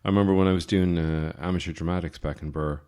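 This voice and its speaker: An Irish man in his forties, hosting a podcast with a rambling, deadpan comic monologue full of fillers and restarts. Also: low-pitched, quick pace, clear, resonant tone. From Ireland. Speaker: podcast host.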